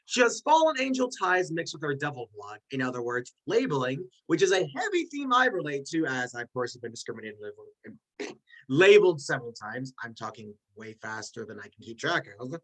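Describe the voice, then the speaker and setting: A host in casual chat who runs through a ranked list of fictional characters, rambling into tangents and quick self-mocking asides. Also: mid-range voice, big pitch swings, fairly bright tone, low-quality recording.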